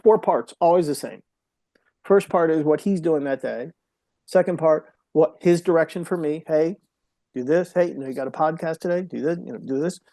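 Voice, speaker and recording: A middle-aged man appears as a podcast guest and mental health speaker, telling personal stories in an interview. He is earnest and emotional, sometimes dropping to a hush, with a slightly high voice at normal speed on a dry recording.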